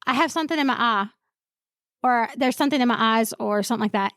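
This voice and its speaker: A woman's voice: a little high, fast, fairly bright tone, dry recording. A woman with an Appalachian accent, co-hosting a podcast and telling stories with frequent laughs. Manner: laughing storyteller. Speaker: podcast co-host. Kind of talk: casual chat.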